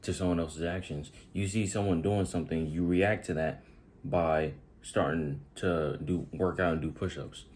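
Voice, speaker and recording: A man's voice: low voice, steady tone, normal speed, darkish tone. A man giving a casual motivational talk to his viewers, speaking directly to them and asking repeated questions. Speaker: motivational video host.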